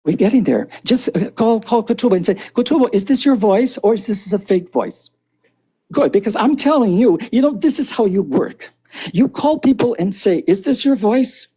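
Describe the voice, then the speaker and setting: Older man, sixties, husky mellow voice, heated live-stream rant, keeps repeating himself. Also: high-pitched, lively intonation, normal speed. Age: 60s. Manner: insistent, repetitive.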